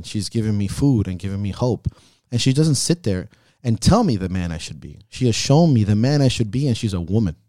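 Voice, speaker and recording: A man's voice: lowish voice, warm tone, dry recording, studio quality. A man hosting a podcast, telling heartfelt personal stories in casual talk full of swearing. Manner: profane, heartfelt storytelling. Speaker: podcast host.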